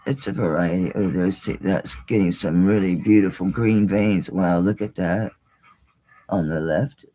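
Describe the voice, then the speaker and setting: A woman's voice: rumbling low, measured pace, dark tone. A middle-aged woman hosting a live jewelry sale, chatty and exclaiming, with mild swearing. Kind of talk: casual live-stream sales talk.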